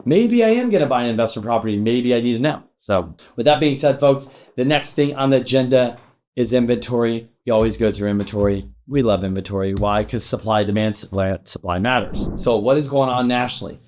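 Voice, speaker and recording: A man's voice: mid-range voice, fairly quick, a little mellow. A middle-aged man delivers fired-up commentary on housing and rates, talking straight to his viewers. He rants with emphasis and throws in casual swearing. His voice sits in an ordinary middle range. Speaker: real estate loan officer and show host. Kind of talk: energetic market commentary to camera.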